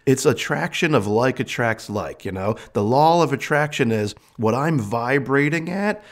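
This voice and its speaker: A man's voice: medium pitch, normal speed. Guy hosting a podcast, chatty and candid, bouncy voice that swoops all over. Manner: candid, animated, acts out quoted voices. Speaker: podcast host and medium. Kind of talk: casual storytelling chat.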